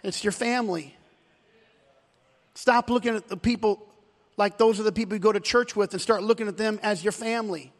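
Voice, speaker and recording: A male pastor preaching a sermon in a church, moving between shouted high points and low, quiet asides. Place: church sanctuary. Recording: long church hall reverb.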